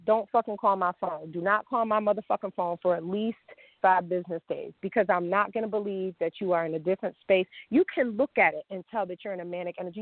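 A woman's voice: medium pitch, dry recording. Blunt, profane woman on a tinny line. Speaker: vlogger. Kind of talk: unscripted rant to camera. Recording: dry, tinny phone-like sound.

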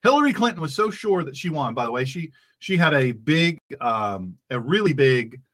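A man's voice: a little high, big pitch swings, moderate pace, a bit bright. A man hosting a talk radio show, speaking as a pastor in a fervent, emphatic monologue that repeats phrases for effect.

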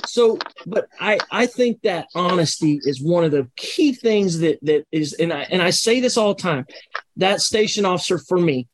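A man's voice: high-pitched, expressive, normal speed. A man speaking as a guest in a casual panel discussion, direct and emphatic when he makes his points. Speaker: panel guest, fire officer.

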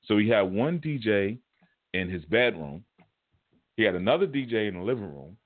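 Low-voiced man telling stories, phone-quality sound. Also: moderate pace. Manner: animated, colloquial, chuckles mid-story. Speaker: spiritual teacher. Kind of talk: casual storytelling lecture. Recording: phone-like narrow band audio.

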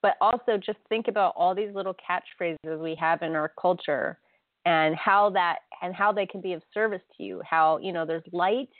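A woman's voice: fairly low pitch, moderate pace, no echo. Chatty woman podcasting over a tinny line. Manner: emotional, chatty, laughs often, many fillers. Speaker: podcast host. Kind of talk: casual solo podcast monologue. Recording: dry, tinny phone-line audio.

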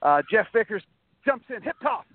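This wrestler, a guest in a casual interview, has a high-pitched voice with big pitch swings and speaks at normal speed, slightly raised. His long, rambling anecdotes are full of restarts and acted-out quotes. Audio is thin and phone-like, close and dry without room echo.

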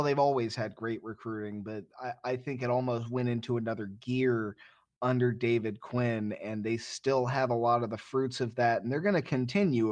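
A man chatting about hockey as a guest analyst, with a light, playful manner. His voice sits at an ordinary middle pitch. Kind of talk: casual hockey chat.

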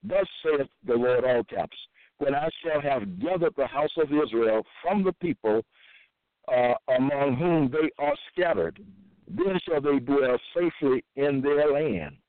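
Male preacher reading scripture in a sermon, measured delivery, lo-fi phone-line quality. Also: mid-range voice, animated, dry recording. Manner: reads verses slowly with repeated asides. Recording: tinny, phone-like dry audio.

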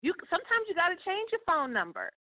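A woman's voice: extremely high pitch, wildly swooping pitch, fast, dry recording. Chatty motivational woman on a tinny line. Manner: chatty, preachy, addresses listeners directly. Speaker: podcast host and success coach. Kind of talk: casual motivational talk. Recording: tinny phone-like line, dry.

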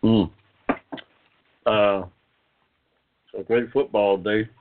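Older man, talk show host, folksy rambling chat, low voice, tinny phone sound. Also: steady tone, a little slow. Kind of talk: casual internet radio talk. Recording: phone-like call-in line.

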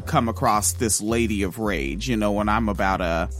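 A man's voice: lowish voice, normal speed, fairly bright tone, faint music behind. Casual profane male podcast host. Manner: loose and profane, with many ums and uhs. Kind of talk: casual music-history commentary.

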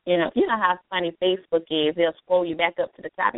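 A woman's voice: fairly low pitch, quick pace, dry recording. Ranting woman guest on a phone line. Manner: ranting, self-mocking. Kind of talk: casual chat.

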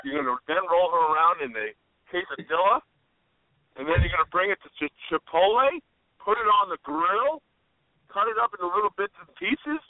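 A man co-hosts a loose radio chat and spins silly comic riffs. His voice is high and swoops all over. The sound is dry and squeezed like a phone line. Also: lively intonation, a little fast, dry recording. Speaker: radio show co-host. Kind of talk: casual comedic chat.

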